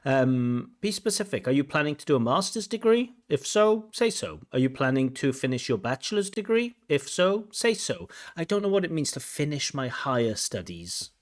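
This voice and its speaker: A man's voice: on the high side, normal speed, few pauses. Man explaining exam mistakes. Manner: analytical, lively intonation when demonstrating. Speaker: IELTS examiner and teacher. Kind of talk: commentary on a recorded speaking test.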